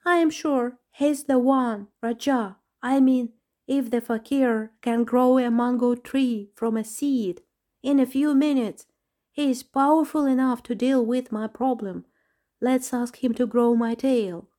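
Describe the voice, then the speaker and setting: A woman's voice: steady tone, measured pace, warm tone, lightly acted. A woman voicing an anxious young male lizard who pleads and whines in a storybook reading. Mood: pleading, whining. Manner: high, pleading and whining.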